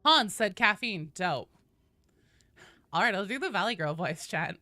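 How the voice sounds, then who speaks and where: Woman game streamer, lively pitch, playful and profane, reads chat aloud. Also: unhurried, dry recording. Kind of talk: casual live-stream chat while gaming.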